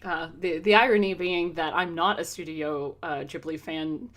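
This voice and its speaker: A woman's voice: deep voice, steady tone, moderate pace, a bit bright. A woman co-hosting a casual podcast panel, talking with many "um"s and "like"s. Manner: hesitant, lots of "um" and "like". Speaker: podcast co-host.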